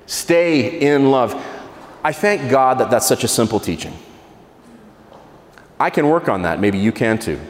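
A man preaching a sermon as pastor, slowing down and dropping low on key words with dramatic pauses. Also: expressive. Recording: echoey hall with long reverb.

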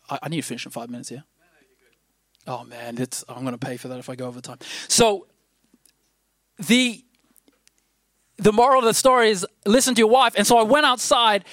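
A man's voice: sits high, a bit bright, no echo. Man, preacher, sermon, rambling, self-deprecating, dry close sound. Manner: grows emphatic toward the end.

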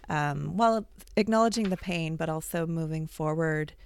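A woman interviewer asking a long, careful question in a measured way. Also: low voice, clean tone.

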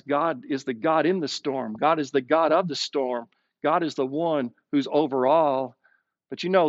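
A male pastor delivers an expressive sermon, often slowing down and sinking into a low voice to stress a point. His voice sits fairly high. The recording is dry and slightly dull. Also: no echo. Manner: expressive preaching, slows down and drops low for emphasis. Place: streamed sermon with online chat.

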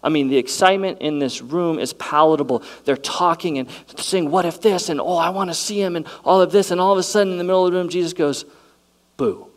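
A man preaching a sermon, shifting between quiet reflective passages and loud, excited storytelling. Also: high voice, quick pace, hardly any pauses, poor audio. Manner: dynamic preaching, swings from soft to loud and excited. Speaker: pastor.

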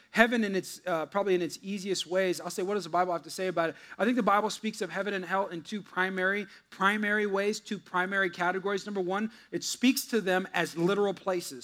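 A man with a high, bright voice preaching a sermon. He talks to his congregation like a friend in casual chat, then acts out his stories with lively, animated voices. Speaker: pastor.

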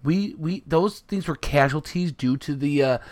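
An American man co-hosting a deadpan comedy chat, rambling with halting restarts. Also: on the high side. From United States. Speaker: co-host.

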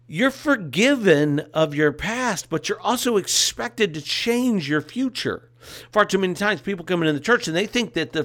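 Man preaching a sermon, higher voice. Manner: repetitive emphatic preaching cadence. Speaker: pastor.

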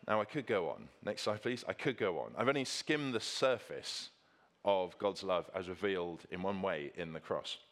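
A man's voice: deep voice, lively intonation, normal speed. A man preaching a sermon with slides, earnest and emphatic, repeating key phrases for stress.

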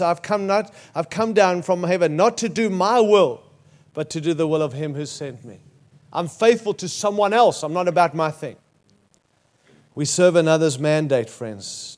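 A man with an Australian accent preaches in a high voice. He is emphatic and drives his points home with short, repeated phrases. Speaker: pastor. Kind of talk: sermon.

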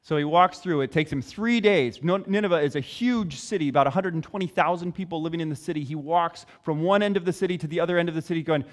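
A male pastor delivers a sermon in a church sanctuary and retells the story with lively, conversational energy. His voice is fairly high for a man. Long reverb rings around each phrase. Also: fairly quick, few pauses.

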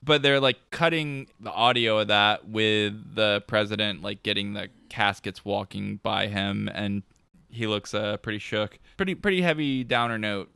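Guy on a podcast, low gravelly voice, dry sound, laid back, says like a lot. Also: normal speed, pushed and bright, no room sound. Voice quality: low gravelly voice, filler-heavy. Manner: laid-back, many "like" and "um" fillers. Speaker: podcast co-host. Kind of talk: casual chat.

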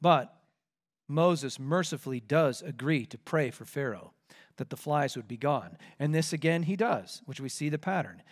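A man's voice: a little high, animated, moderate pace. A man preaching an expository sermon verse by verse, talking in an earnest, emphatic way.

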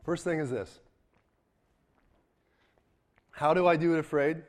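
A man preaching a sermon in a casual, energetic way, with sudden loud bursts when he acts out a story. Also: a little high, brisk. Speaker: pastor.

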